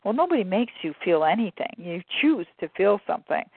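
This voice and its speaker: A woman author telling stories in a relaxed interview, with frequent fillers and laughter. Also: medium pitch, brisk, vocal fry, slightly rough, dry recording. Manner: animated storyteller, many fillers and laughs. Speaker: guest author. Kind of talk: casual conversational interview. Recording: phone-like dry line.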